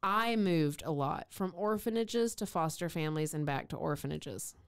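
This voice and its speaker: A woman's voice: low-pitched, expressive, moderate pace, clear, resonant tone. A young woman co-hosting a casual chat podcast, swearing and laughing as she reads romance novel passages aloud and acts out the dialogue. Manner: swearing, laughing, mock-dramatic when reading dialogue. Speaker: podcast co-host.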